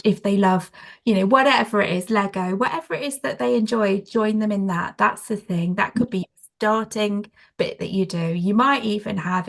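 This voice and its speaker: A woman, speaking as a trainer in a conversational interview, practical and animated, with many fillers and restarts. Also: medium pitch, vocal fry. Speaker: trainer, guest.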